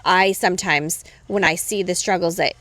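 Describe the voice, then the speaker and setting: A woman's voice: lowish voice, moderate pace, a bit bright, no echo. Supportive chatty woman, dry close sound. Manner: supportive, frequent agreeing interjections. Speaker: podcast co-host. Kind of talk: casual chat.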